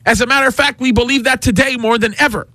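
A man's voice: very high voice, steady tone, quick pace, pushed and bright, no echo. A man co-hosting a radio ministry show as pastor, speaking in an emphatic, preacherly way. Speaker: pastor and co-host.

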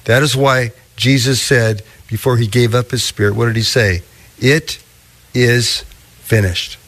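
A man preaching a sermon, teaching through a scripture passage with slow, deliberate emphasis. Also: medium pitch, fairly even intonation, fairly bright tone. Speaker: pastor.

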